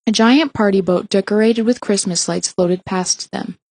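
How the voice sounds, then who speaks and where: A woman reading a novel aloud as narrator, in an even pace with small slips and restarts. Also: mid-range voice, moderate pace, no echo. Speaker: audiobook reader. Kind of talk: read-aloud fiction narration.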